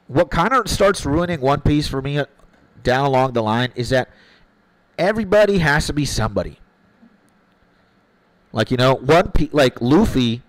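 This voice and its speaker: A male streamer talking casually to his chat in a medium-pitched voice, recorded dry and close. He is blunt and opinionated, drops swear words freely, and circles back over his words while thinking. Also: no room sound, rough recording. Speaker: game streamer. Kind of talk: casual live-stream chat, answering viewers.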